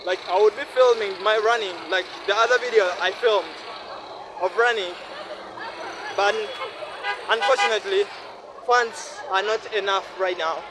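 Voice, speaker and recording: A man's voice: sits high, moderate pace, pauses often, background noise. A man in his twenties from Uganda with a Ugandan accent, talking earnestly in a casual vlog monologue and often checking in with the listener. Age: 20s. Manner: earnest, repetitive, asks listener "no?". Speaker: vlogger. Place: outdoors by a city road.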